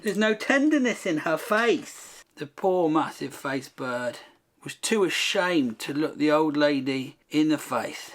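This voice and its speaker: A man's voice: a little high, expressive, measured pace, fairly bright tone. A male host giving comic, self-deprecating commentary while he paints.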